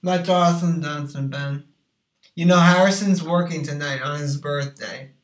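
A woman chatting casually in a theatrical way, breaking into sung snippets and swinging between crooning and shouting. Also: sits low, a little slow. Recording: echoey room.

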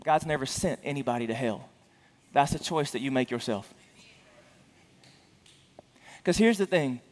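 A man preaching a sermon as a pastor, speaking earnestly with frequent restarts and stammered repeats, and getting louder for emphasis. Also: animated, a little fast, big-room sound. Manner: rises in pitch and volume for emphasis.

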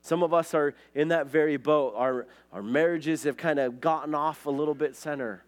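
A man's voice: on the high side, normal speed. A man from Montana, preaching a conversational sermon and telling stories in a casual way, often saying "like" and "right?". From Montana, USA. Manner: casual storytelling, frequent "like" and "right?". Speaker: pastor.

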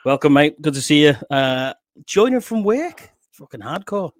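A man's voice: on the high side, big pitch swings, moderate pace, dry recording. A man with a Liverpool accent hosts a live stream in a loose, chatty way. He swears freely and laughs a lot. The recording is dry and close, with no room sound. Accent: Liverpool English. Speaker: podcast host. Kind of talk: casual live stream chat.

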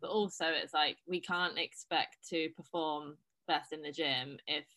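A woman co-hosting a casual fitness chat, frank and quick to swear. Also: low voice, steady tone, pushed and bright.

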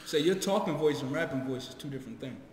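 A man's voice: on the high side, animated, fast talker. A man hosting a casual podcast chat, talking in a rambling, profane way and repeating himself, a bit nasal from a drip. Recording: echoey room, long reverb, faint noise.

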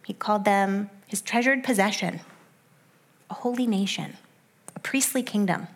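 A young adult woman giving a sermon in a conversational way, with animated asides that drop into soft, hushed stretches. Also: mid-range voice, normal speed.

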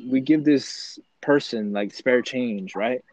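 A young man co-hosting a casual podcast, telling stories in a relaxed way with lots of "like". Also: mid-range voice, slow pace, dry recording, rough recording. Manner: relaxed storytelling with many "like" fillers. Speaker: podcast co-host. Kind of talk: casual chat.

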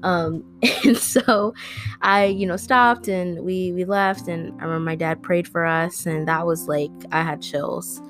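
A woman's voice: fairly low pitch, fairly even intonation, unhurried, fairly bright tone. A young woman vlogging, telling a personal story in a rambling, earnest way with lots of fillers. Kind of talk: casual storytelling to camera. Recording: faint guitar music behind.

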